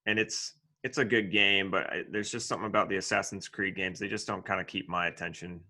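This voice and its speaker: A man's voice: low voice, fairly even intonation, quick pace, bright, forceful tone. A man in casual chat with friends, laid-back and swearing casually.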